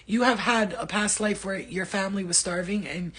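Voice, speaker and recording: A woman's voice: medium pitch, moderate pace, fairly bright tone, husky. A woman hosting a psychic live stream from home, rambling and blunt with frequent swearing, her throat dry. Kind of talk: casual live-stream reading.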